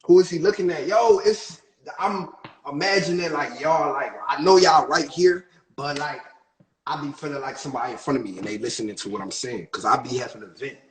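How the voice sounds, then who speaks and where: A man's voice: a little high, fairly quick, slight background noise, rough recording. A young man venting on a phone livestream, rambling, swearing and trailing off mid-thought. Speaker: rapper on livestream. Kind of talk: livestream rant.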